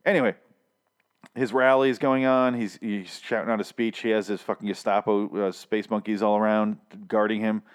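A man's voice: fairly low pitch, steady tone, moderate pace. Rambling, profane man recapping a show. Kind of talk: casual TV recap monologue. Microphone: own microphone.

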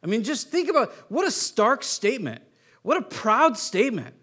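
High-voiced man preaching casually. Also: normal speed, slightly rough. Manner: relaxed, chatty, with casual slang and many restarts. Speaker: pastor. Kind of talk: casual conversational sermon.

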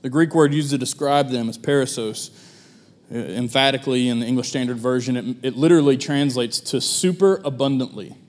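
A man preaching a sermon as pastor, relaxed and conversational, with folksy asides. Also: medium pitch, a little fast.

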